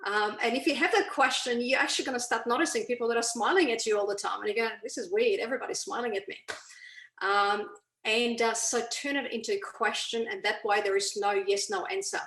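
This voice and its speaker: A woman's voice: on the high side, a little fast, fairly bright tone. A woman explaining ideas on a video call as a guest coach, who keeps checking in with "okay?". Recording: roomy echo.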